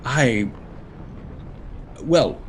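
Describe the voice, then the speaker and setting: A man's voice: mid-range voice, lively intonation, normal speed, background noise, close to an everyday voice. A man voicing a small, nervous male imp professor who stammers and is overly polite. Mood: fussy helpful.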